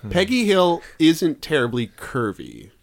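A man's voice: a little high, wildly swooping pitch, unhurried, creaky. A man co-hosting a podcast, joking around in casual comedic chat and bursting into playful singing. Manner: jokey, breaks into loud playful singing. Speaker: podcast co-host.

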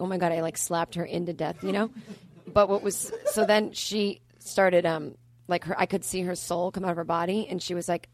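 A woman comedian guest on a podcast, telling a dark, absurd story in a deadpan, run-on way. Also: fairly low pitch. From Boston area.

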